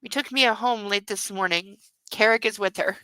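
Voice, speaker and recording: A woman reading a novel aloud with sarcastic, irreverent commentary, sometimes dropping to a hush. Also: mid-range voice, normal speed, smooth, dry recording, rough recording. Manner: wry and irreverent, drops to a hushed whisper for some narration. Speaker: book club podcast host.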